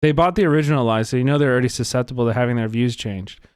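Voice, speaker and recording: A man's voice: mid-range voice, very fast, clean tone, no room sound, studio quality. A man hosting a livestream, talking casually and earnestly, rambling with many fillers. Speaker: livestream host.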